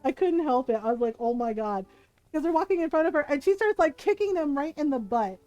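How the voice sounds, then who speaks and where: A woman's voice: sits high, animated, quick pace, mellow, no echo, poor audio. A woman streamer telling a family story in casual chat, laughing often and acting out the people she quotes.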